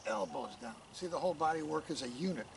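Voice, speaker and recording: Male posture coach, calm step-by-step cues, somewhat high voice, heard from a distance over outdoor noise. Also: fast talker, creaky. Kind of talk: instructional coaching. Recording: distant mic, noisy outdoor background.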